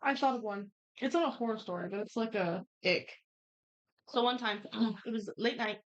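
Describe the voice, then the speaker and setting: A young woman co-hosting a podcast, telling work stories in animated quick bursts. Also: fairly high pitch. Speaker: podcast co-host. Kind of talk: casual chat. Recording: muffled lo-fi audio.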